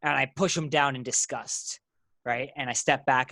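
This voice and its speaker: A man's voice: mid-range voice, steady tone, moderate pace, pushed and bright, dry recording. A man playing a tabletop role-playing game, giving earnest in-character speeches. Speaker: player.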